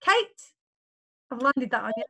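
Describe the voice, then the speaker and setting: A chatty woman with a Manchester accent hosts a relaxed video call, her voice high and bright. She talks easily and welcomes her guests. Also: a little slow, husky. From North Manchester, England. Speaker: co-host. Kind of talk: casual video call chat.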